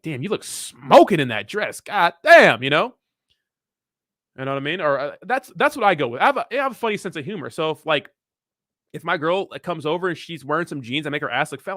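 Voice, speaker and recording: A man's voice: fairly high pitch, a bit bright, no room sound, studio quality. A young man hosting a casual livestream, answering viewer comments in a blunt, profane, rambling way. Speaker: crypto livestream host.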